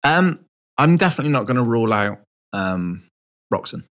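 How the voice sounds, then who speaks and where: A man's voice: mid-range voice, very animated, normal speed, fairly bright tone. A man co-hosting a casual podcast, speaking agreeably and often stopping to restart his sentences. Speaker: podcast co-host. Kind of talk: casual chat.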